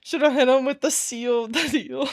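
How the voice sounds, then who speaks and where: Bright high-voiced female streamer, lively casual storytelling with frequent laughter. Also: normal speed, vocal fry. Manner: animated storytelling, laughs often. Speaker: VTuber streamer. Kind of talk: casual live-stream chat.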